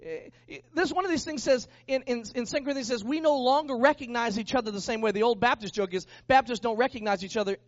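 A man who is a pastor, telling a lively story as part of a sermon and acting out the people in it. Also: very high-pitched, fast talker, hardly any pauses, dry recording, muffled recording. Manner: animated, acts out the people in his story.

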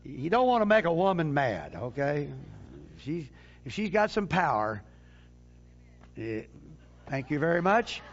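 A man preaching a sermon with emphasis, often repeating words and restarting phrases, and sometimes dropping to a low, quiet delivery. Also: very animated, unhurried, long pauses, highs cut off.

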